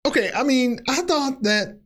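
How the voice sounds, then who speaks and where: A man's voice: extremely high pitch, bright, forceful tone, slightly rough. An American man reacting to a football video, musing and hesitant, asking his viewers questions. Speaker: reaction channel host. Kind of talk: casual reaction commentary.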